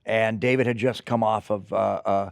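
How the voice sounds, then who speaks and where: Older man, actor, animated anecdotes, gravelly voice, dry close sound. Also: on the low side, moderate pace, dry recording. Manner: animated, rambling with restarts and acted asides. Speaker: actor guest. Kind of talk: anecdotal interview storytelling.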